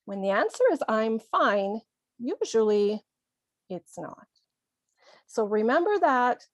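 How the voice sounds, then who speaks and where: A woman teaching an English lesson, explaining slowly and clearly and acting out short example lines. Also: a little high, no echo, clean studio sound. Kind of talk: scripted ESL lesson.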